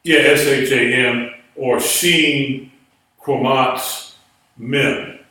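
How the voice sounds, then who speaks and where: A man's voice: mid-range voice, steady tone, very slow, bright, forceful tone. A man teaching a Biblical Hebrew class in a classroom lecture style, patiently explaining rules and spelling words out letter by letter. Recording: echoey room, voice far from mic.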